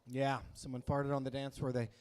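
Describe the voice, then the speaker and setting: A man's voice: medium pitch, level tone, fairly quick, a little mellow, clear, resonant tone. A man from New York doing a stand-up set on a club stage, teasing the crowd in a wry way. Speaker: stand-up comedian.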